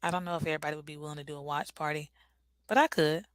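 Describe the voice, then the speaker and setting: A woman's voice: deep voice, flat delivery, rapid-fire, no echo, poor audio. A woman hosting a casual live stream, chatting directly with her viewers and calling them y'all.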